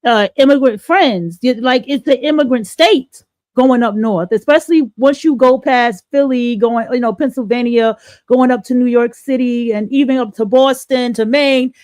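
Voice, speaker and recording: Woman host from the northern US with a slightly high voice. Chatty, and she restarts her sentences often. Dry, close recording. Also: moderate pace, darkish tone, dry recording. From northern United States. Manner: conversational, explaining with many restarts. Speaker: podcast host. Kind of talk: livestream commentary.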